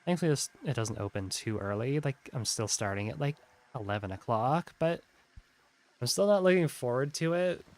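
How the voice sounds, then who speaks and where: A man's voice: mid-range voice, lively intonation, moderate pace. A tired man chatting casually while streaming a game, yawning often and rambling with lots of "like". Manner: rambling, heavy use of "like". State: sleepy, yawning.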